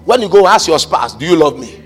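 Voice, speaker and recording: A pastor preaching a fervent sermon, swinging between loud shouted calls and quiet asides, slipping into sung phrases. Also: male voice, on the high side, lively intonation, fairly quick.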